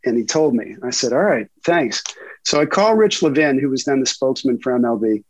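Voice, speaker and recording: A middle-aged man, a sports reporter being interviewed, telling animated stories with frequent laughs and fillers. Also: medium pitch, brisk, no room sound, low-quality recording. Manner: animated storyteller, laughs often, many fillers. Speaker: investigative sports reporter, guest. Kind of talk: casual interview storytelling.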